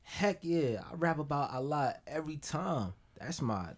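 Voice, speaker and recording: A man's voice: on the high side, animated, measured pace. A man, a guest on a casual podcast, talking in a loose, rambling way and often saying "you know what I'm saying". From Brooklyn, New York. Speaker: guest musician.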